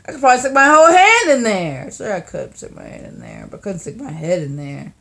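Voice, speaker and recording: A tired young woman vlogging casually, rambling and giggling, often trailing off into soft mumbles. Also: medium pitch, huge pitch swings, fairly quick, gravelly.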